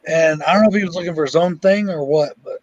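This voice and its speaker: A man's voice: on the high side, fast, a little mellow, no room sound, highs cut off. A man co-hosting a casual chat, speaking bluntly and swearing often. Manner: blunt, swears a lot, tells stories. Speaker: co-host.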